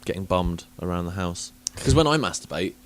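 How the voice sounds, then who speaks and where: Casual male podcast host, sweary and lively. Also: low-pitched, fairly quick. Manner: sweary, animated, rambling.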